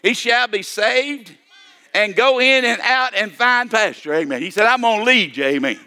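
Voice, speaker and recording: A man's voice: high voice, expressive, brisk, bright, forceful tone, clear, resonant tone. An older man preaching a sermon, repeating and restarting his phrases and calling for amens. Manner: repetitive, stammering restarts, calls for amen.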